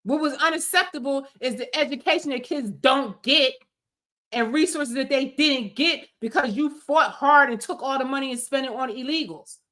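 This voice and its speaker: A woman's voice: sits high, moderate pace, fairly bright tone. A woman streamer giving heated, scolding political commentary in an emphatic rant. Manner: angry, scolding, emphatic rants.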